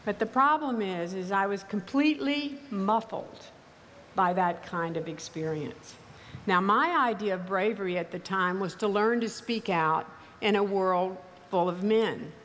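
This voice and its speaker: An older woman with a mild Texas accent, giving a commencement speech in a measured, wry storytelling manner. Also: medium pitch, a bit bright, slight background noise. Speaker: commencement speaker. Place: large ceremony venue. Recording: reverberant hall, faint ambience.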